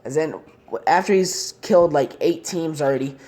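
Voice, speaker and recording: A woman's voice: low-pitched, normal speed, dark tone, a little hiss or hum. A woman casually narrating a fan-made story in long, rambling run-on sentences.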